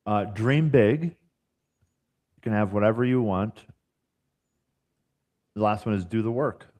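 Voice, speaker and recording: A man's voice: on the low side, a little slow. A man as a podcast guest, chatting casually and acting out quoted dialogue in his stories, with frequent fillers like "like" and "you know". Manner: animated, acts out quoted dialogue. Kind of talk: casual storytelling chat.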